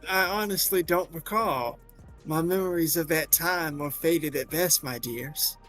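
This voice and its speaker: A man's voice: on the high side, measured pace, fairly bright tone, faint music behind. A man doing a vague, sweet old lady. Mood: wistful.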